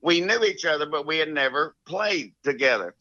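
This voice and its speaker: A man's voice: fairly high pitch, lively intonation, moderate pace, pushed and bright, dry recording, muffled recording. A middle-aged man with an Alabama Southern accent, a podcast guest telling rambling, salty country stories with frequent laughs. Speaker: guest, golf professional. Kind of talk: casual podcast storytelling.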